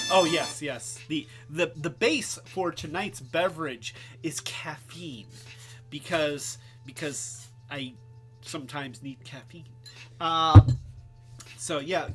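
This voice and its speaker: A man's voice: on the high side, sharp tone. A man hosting a casual live-stream toy review, rambling and joking, with lots of restarts and asides. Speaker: host.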